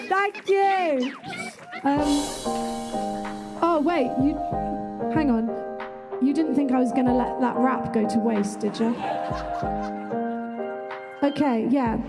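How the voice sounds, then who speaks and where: A woman's voice: high-pitched, slow, pauses often. A young woman doing musical stand-up comedy, chatty and self-mocking, speaking into a handheld wireless mic in a small club. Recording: live room recording with music and crowd.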